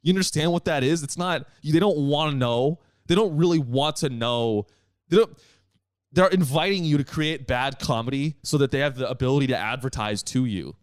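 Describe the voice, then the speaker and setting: A man's voice: mid-range voice, moderate pace, dry recording, studio quality. Rambling, profane young man ranting. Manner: rambling and profane, with many restarts and fillers. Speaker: podcast host. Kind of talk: solo comedy podcast rant.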